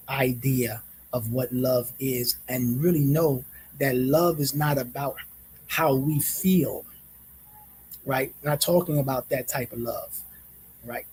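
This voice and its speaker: A man hosting a reflective monologue, speaking in a measured way, repeating phrases and often checking in with "right?". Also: medium pitch, a little mellow, slight background noise, low-quality recording. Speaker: host.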